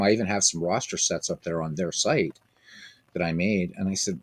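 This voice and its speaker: A man's voice: sits low, brisk, breathy edge, no room sound. A man hosting a stream of a baseball simulation game, chatting casually with viewers in a rambling way full of fillers and restarts.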